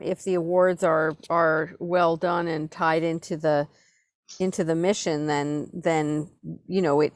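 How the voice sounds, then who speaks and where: Woman on a call in a meeting, careful clarifying tone, dry close sound, low voice. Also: no echo. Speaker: board member on a call. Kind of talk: meeting discussion. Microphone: phone or video call.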